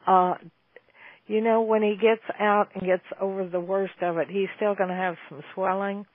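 A woman's voice: mid-range voice, little pitch movement, moderate pace. A woman in her seventies hosts a call-in Q&A, talking in a chatty, folksy, enthusiastic way. Her voice comes through a tinny, phone-like line. The sound is dry, with no room echo. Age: 70s. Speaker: host answering listener questions. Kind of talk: call-in Q&A chat.

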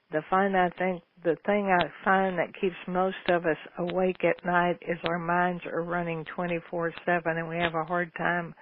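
Homey woman on lo-fi radio. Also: on the low side. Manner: homey, folksy, meandering with many ums. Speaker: radio show host answering listener questions. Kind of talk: casual call-in advice talk. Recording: phone-like lo-fi radio with faint noise.

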